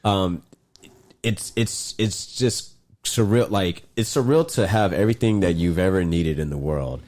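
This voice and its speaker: Deep-voiced young man rambling on a podcast. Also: a little slow. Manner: rambling, animated, loose with profanity. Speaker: podcast host. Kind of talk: casual chat.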